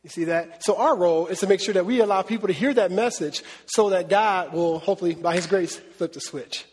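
Husky high-voiced man preaching in a hall. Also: fast, a little mellow. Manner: conversational, asks the audience questions. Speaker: pastor. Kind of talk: sermon.

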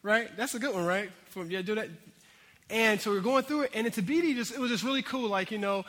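A man's voice: sits high, fast talker, a bit bright, big-room sound. A man preaching a sermon in a casual, conversational way, with frequent asides to his congregation. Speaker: pastor.

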